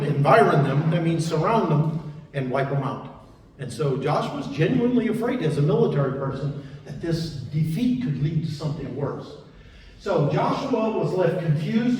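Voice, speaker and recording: An older male pastor preaches a Bible sermon, slipping into folksy stories from his own life. His voice sits a touch high and rings through a large echoey hall, heard from some way off the mic. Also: a little mellow, distant mic. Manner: folksy storytelling with personal anecdotes. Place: church sanctuary.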